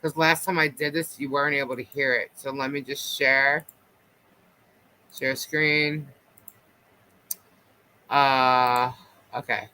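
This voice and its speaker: A man's voice: mid-range voice, fairly even intonation, takes it slowly, long pauses, sharp tone, rough recording. A man hosting a casual live stream chat, rambling through his thoughts with lots of fillers. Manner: rambling, filler-heavy, chatty.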